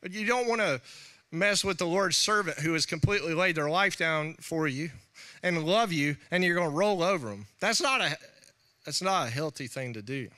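A middle-aged man preaching a sermon, talking in an animated way with laughing asides and quoted voices. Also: fairly high pitch, moderate pace. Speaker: pastor.

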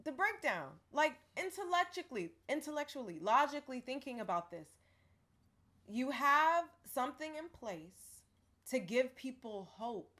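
A young woman co-hosting a casual podcast chat, candid and animated, laughing often. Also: high-pitched, a little slow.

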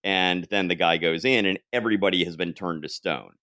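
A man hosting a casual comic-book podcast chat, talking in an animated way and laughing often. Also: low-pitched, brisk, dry recording, studio quality. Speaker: podcast host.

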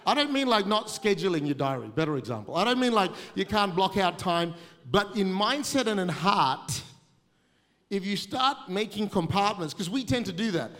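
High-voiced Australian man preaching in a hall. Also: a little fast, creaky. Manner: energetic, self-mocking storytelling with humor. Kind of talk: sermon.

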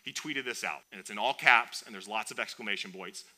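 A man preaching a sermon in a conversational, animated way, with playful asides. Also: on the low side, fairly quick. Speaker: pastor.

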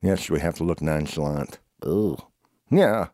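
A man's voice: very deep voice, measured pace, warm tone, no room sound, clean studio sound. A man improvising a playful, rambling comic story with banter between characters. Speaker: home show storyteller.

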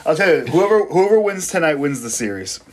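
A man's voice: on the high side, big pitch swings, a little fast. A man co-hosting a podcast, joking and swearing about baseball while he eats. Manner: joking, swearing, laughs often. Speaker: podcast co-host. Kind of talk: casual sports chat.

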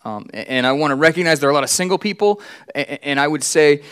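Middle-aged guy preaching, chatty storyteller, voice a bit on the high side. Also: quick pace, fairly bright tone, clear, resonant tone. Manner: conversational storytelling with acted quotes. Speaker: pastor. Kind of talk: sermon.

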